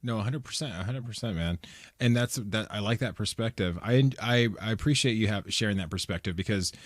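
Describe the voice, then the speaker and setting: Man, young adult, podcast host, casual chat, lots of fillers, lowish voice. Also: fairly quick, dry recording, clean studio sound. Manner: relaxed, many fillers like "like" and "um". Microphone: studio podcast microphone.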